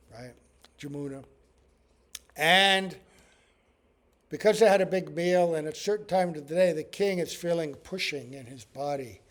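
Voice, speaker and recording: A man teaching a scripture class, telling stories with acted-out quotes and often asking "right?". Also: on the high side. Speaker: spiritual teacher.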